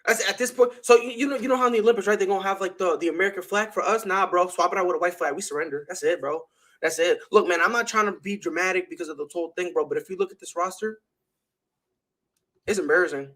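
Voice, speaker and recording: A man's voice: high-pitched, fast, fairly bright tone. A young man hosting a sports talk show, delivering an emphatic, slangy opinion monologue full of rhetorical questions.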